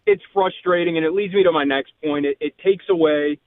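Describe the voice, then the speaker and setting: A man calling in to a sports radio show from a cell phone, sounding frustrated and apologetic, with halting restarts. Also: fairly high pitch, no echo. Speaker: caller. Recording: tinny cell phone line.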